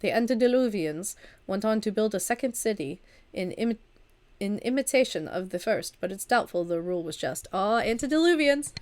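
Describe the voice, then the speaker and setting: A woman's voice: mid-range voice, lively intonation, a little fast, darkish tone. Chatty woman reading a game aloud. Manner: chatty asides, stumbles over words and restarts reading. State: recovering from a long illness. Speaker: streamer and storyteller. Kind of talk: reading a vampire visual novel aloud on a livestream.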